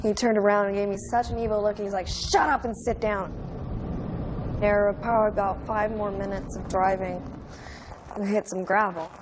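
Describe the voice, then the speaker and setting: A woman in her twenties recalling a terrible childhood event in an interview, speaking in a halting, earnest and quietly intense way. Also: medium pitch, level tone, noisy background. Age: 20s. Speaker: crime survivor interviewee. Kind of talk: emotional interview recollection.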